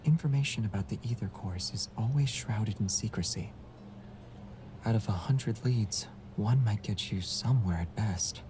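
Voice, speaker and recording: An actor voicing a gentle, soft-spoken young man in a game, always calm and at peace. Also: lowish voice, normal speed, background noise, lightly acted. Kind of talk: game voice acting.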